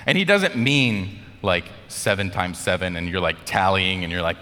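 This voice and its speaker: Low-voiced man preaching in a big echoing hall. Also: moderate pace, hardly any pauses, a little hiss or hum. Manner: animated, acts out quotes, many "like" fillers. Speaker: pastor. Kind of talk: casual conversational sermon. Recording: long reverb of a large hall.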